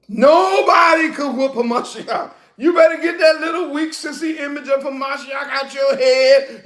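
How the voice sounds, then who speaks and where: A man preaching a sermon in a loud, emphatic, laughing way, with slangy street talk, in an echoey room. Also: extremely high pitch.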